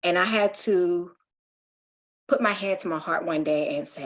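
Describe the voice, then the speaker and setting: A woman sharing a heartfelt personal testimony in a group call, earnest and quick to laugh, often restarting her sentences. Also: on the low side.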